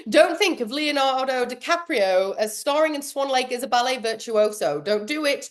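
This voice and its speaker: A woman's voice: high voice, expressive, a little slow. A woman running an online workshop, chatty and self-mocking, laughing often as she talks. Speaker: workshop trainer.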